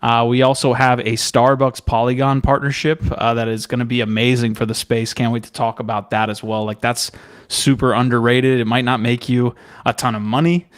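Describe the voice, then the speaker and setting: A man's voice: mid-range voice, flat delivery, brisk, clean tone. A laid-back man hosting a casual livestream chat. He talks in an upbeat, easygoing way. His voice sits in the middle range for a man. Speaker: host.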